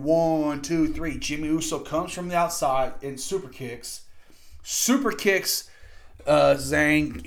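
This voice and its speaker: A man with a slightly high-pitched voice talks through a wrestling event in a casual review. He recaps the action play by play, gets excited and swears freely. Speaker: wrestling podcast host.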